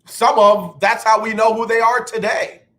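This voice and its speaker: A bright, high-pitched male radio host rambles through a sports monologue. He is animated and mocks himself when he gets the facts wrong, and his voice has a sharp, forceful edge. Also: moderate pace. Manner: animated, rambling, self-mocking.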